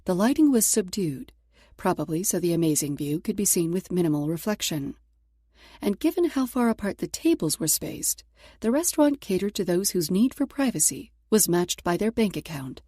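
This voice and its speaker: A woman narrates a romance audiobook in a steady, even delivery. Her voice is mellow and warm, recorded close and dry with no room sound. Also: fairly low pitch, moderate pace, dry recording. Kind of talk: scripted narration.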